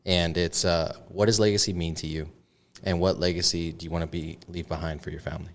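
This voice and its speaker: A man's voice: deep voice, fairly even intonation, a little fast. A man hosting a podcast, asking questions in an easygoing way and laughing often. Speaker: podcast host. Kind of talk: casual podcast interview.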